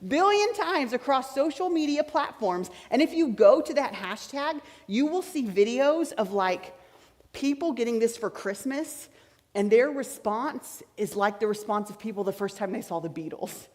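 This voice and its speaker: A woman pastor delivers a teaching-style sermon in a large church sanctuary, chatty and explanatory, repeating her key points. Her voice is a little high, animated and a little mellow, at a normal speed, with the reverb of a church hall.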